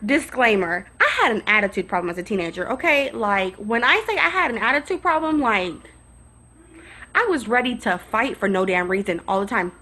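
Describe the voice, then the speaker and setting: Sassy, bright-voiced young woman. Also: medium pitch, fairly quick. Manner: sassy, animated, acts out voices of people in the story. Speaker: vlogger. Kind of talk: storytime vlog, casual storytelling.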